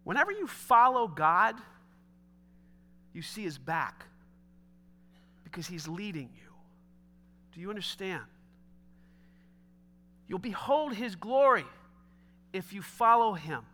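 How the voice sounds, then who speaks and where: A man preaching a sermon as pastor, dramatic and conversational, dropping from loud pleading to hushed quiet, with casual slang asides. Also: high voice, big pitch swings, slow pace, long pauses.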